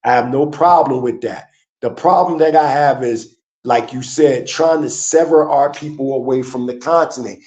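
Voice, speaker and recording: Mellow-voiced man guest rambling earnestly. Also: medium pitch, normal speed. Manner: earnest, rambling, searching for words. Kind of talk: casual chat on a livestream.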